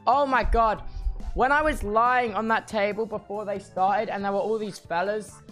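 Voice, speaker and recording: A man's voice: sits high, fairly even intonation, moderate pace, a bit bright, faint music behind. Groggy young man rambling after surgery. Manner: rambling, slangy, many restarts. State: groggy after surgery, speech slightly impaired. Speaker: streamer. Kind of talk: casual chat reading viewer messages.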